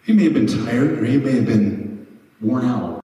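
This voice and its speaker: A man's voice: mid-range voice, expressive, moderate pace, warm tone. A man preaches with mounting passion, pushing his voice up to emphatic peaks. He is picked up from a distance, and his words ring on through a large, reverberant hall. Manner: impassioned, rising to emphatic peaks. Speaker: pastor. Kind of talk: sermon. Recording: echoey hall, mic far off.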